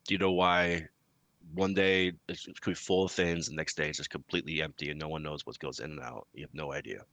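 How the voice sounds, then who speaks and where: A man's voice: very deep voice, steady tone, brisk, a bit bright, no room sound. A man playing a tabletop role-playing game, asking questions hesitantly with many restarts. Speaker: player.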